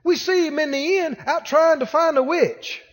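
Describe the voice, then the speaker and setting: A man's voice: very high voice, moderate pace. A man preaching a sermon, pressing his points with emphatic repetition and speaking directly to the congregation. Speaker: pastor. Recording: long hall reverb.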